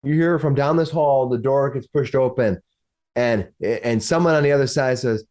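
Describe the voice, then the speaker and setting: A man's voice: mid-range voice, moderate pace, a little mellow. A man running a tabletop game as game master, narrating with frequent restarts. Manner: rambling, many restarts.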